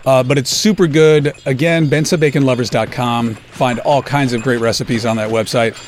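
A man hosting a podcast, talking casually and enthusiastically about food with drawn-out emphasis. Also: mid-range voice, fairly even intonation, slight background noise. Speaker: podcast host.

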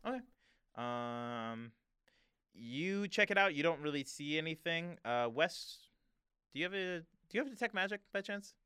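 Smooth-voiced male game master. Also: a little high, expressive, normal speed, sharp tone. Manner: hesitant, many fillers. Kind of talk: narrating a tabletop game.

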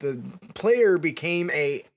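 Bright, laughing male podcast host. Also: on the high side, animated, slow. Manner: enthusiastic, laughs easily. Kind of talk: casual podcast chat.

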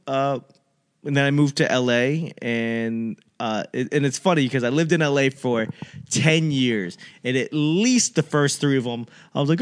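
Man, rambling comedic monologue, self-deprecating, mid-pitched. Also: unhurried, clear, resonant tone. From Boston, USA. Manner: rambling, self-deprecating, loses his train of thought.

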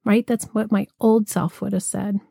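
A woman giving a gentle, reflective spiritual talk, slowing down to linger on lists of words. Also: medium pitch, flat delivery, gravelly, slightly rough, no echo, studio quality.

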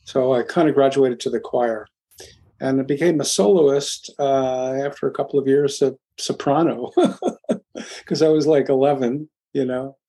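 An older man from Philadelphia, a guest in an interview, telling his story in a rambling, halting way with many restarts. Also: medium pitch, fairly even intonation, dark tone, breathy edge. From Philadelphia, USA. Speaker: guest, music producer.

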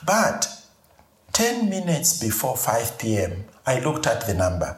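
Zambian man telling a lively story. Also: mid-range voice, a little slow, echoey room. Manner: animated anecdotal storytelling with laughter. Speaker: podcast guest. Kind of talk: storytelling interview.

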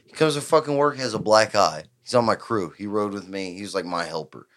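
A man's voice: lowish voice, brisk. A man, telling a rowdy story on a podcast and acting out the people in it. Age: 20s. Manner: profane, animated storyteller acting out quotes. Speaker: podcast host. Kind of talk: casual storytelling chat.

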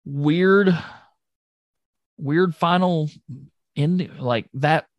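A man co-hosting a podcast in casual chat, excitable and jokey, often trailing off and restarting. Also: fairly high pitch, drawn-out words, no echo, lo-fi sound. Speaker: podcast co-host recapping wrestling.

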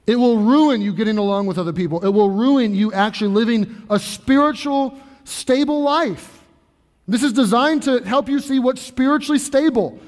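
A man's voice: very high-pitched, big-room sound. A male pastor in his thirties preaching a sermon in an earnest, conversational way, often restarting his sentences. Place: church sanctuary.

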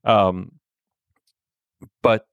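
A middle-aged man talking candidly in a conversation, halting and leaning heavily on filler words. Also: lowish voice, flat delivery, vocal fry, clean tone, no echo, lo-fi sound.

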